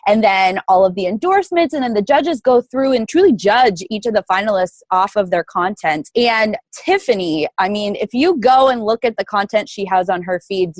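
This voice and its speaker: A woman's voice: mid-range voice, no room sound. A woman presenting on a podcast, upbeat and enthusiastic as she introduces a guest.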